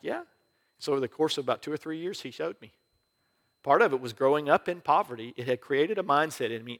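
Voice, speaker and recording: A pastor giving a sermon in an easygoing conversational way, often dropping to a soft hush and laughing as he goes. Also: medium pitch. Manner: acts out prayers in quiet voices, laughs often. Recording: long hall reverb.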